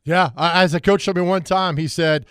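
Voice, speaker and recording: An enthusiastic male sports talk host with a voice a bit higher than most men's. He asks questions eagerly and cheers on his guest's answers. The sound is dry and close to the mic. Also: fairly even intonation, normal speed, a bit bright, clean tone, no echo. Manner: eager, affirming interviewer. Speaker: radio show host. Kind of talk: sports talk radio interview.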